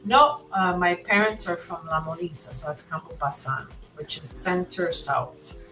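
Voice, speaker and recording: A woman's voice: fairly low pitch, normal speed, over music, low-quality recording. Chatty Canadian woman hosting a stream. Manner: chatty, warm laughs, reads viewer comments aloud. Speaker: livestream host. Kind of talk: casual chat.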